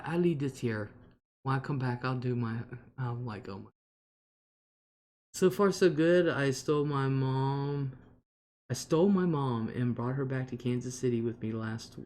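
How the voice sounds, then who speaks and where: A man's voice: mid-range voice, darkish tone. A man hosting a casual livestream from home, chatting freely, laughing often and answering viewer comments. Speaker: livestream host. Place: home, at a table.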